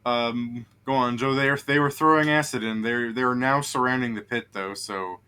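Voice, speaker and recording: A man's voice: mid-range voice, normal speed, clean tone. A man running a tabletop game as game master, who narrates casually and jokes and laughs a lot. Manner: laughs a lot, relaxed and joking.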